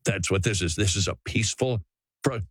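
A man's voice: on the low side, a little fast, breathy edge, dry recording. A man from Saint Paul, Minnesota, hosting a radio talk show in a sarcastic, mock-emotional monologue. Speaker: radio host.

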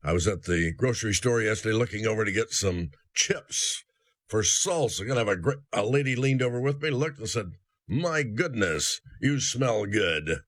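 A man with a somewhat low voice gives a devotional message as the host of a ministry show. He speaks earnestly and reads a personal story aloud. The sound is dry and close, with no room echo. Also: animated, moderate pace, fairly bright tone. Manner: earnest, addresses listeners as brothers and sisters.

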